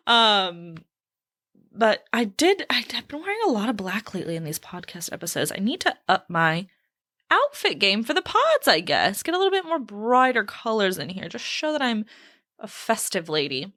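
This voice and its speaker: A young woman hosting a casual solo podcast from a small home studio, talking in a chatty, animated way. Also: medium pitch, no echo. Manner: chatty and animated, with big swoops up for quoted voices. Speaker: podcast host.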